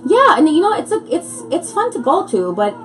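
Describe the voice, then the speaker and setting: A woman chatting loudly and teasingly with a friend on a livestream, laughing a lot. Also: sits high, wildly swooping pitch, fairly quick, faint music behind. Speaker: visiting friend. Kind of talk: casual chat on a livestream.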